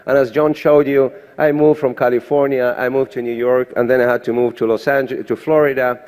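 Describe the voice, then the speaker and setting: A man's voice: medium pitch, level tone, a little fast, darkish tone. Heartfelt older man, big hall. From Argentina. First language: Spanish. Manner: heartfelt, thanking people one by one. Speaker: surgeon giving a presidential address. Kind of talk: emotional speech at a podium. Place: large convention hall. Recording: long reverb of a big hall.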